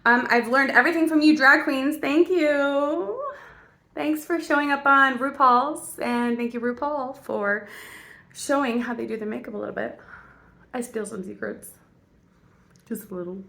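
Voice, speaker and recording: A woman's voice: a little high, fairly even intonation, moderate pace, gravelly, bright, forceful tone. A woman, an actress and mom, chatting playfully to her viewers as she walks them through her makeup routine. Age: adult parent. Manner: silly, chatty, talks straight to viewers. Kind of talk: casual makeup tutorial.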